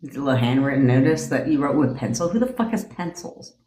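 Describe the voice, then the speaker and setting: A manifestation coach in her forties tells a story on a livestream in a casual, blunt, profane rant, laughing often. Her voice is bass-deep, warm, animated and fast, with slight background noise and a roomy echo.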